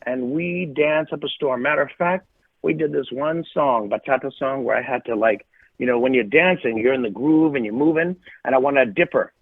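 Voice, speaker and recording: A middle-aged podcast co-host tells stories in casual chat, emphatic and repeating phrases for punch. His voice is mid-range, brisk and creaky, with no echo, over a tinny, phone-like line.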